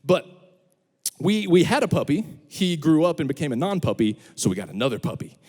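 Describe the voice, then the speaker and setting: Lively high-voiced young pastor. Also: male voice, fairly quick. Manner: animated storyteller, acts out voices. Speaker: student pastor. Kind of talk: youth sermon with humor. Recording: long hall reverb.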